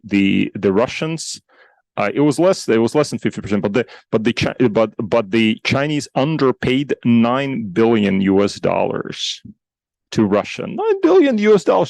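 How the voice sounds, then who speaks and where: A man's voice: lowish voice, gravelly, a little mellow, no room sound, poor audio. A man speaking on an academic conference panel, talking in a conversational way with frequent restarts and rhetorical questions.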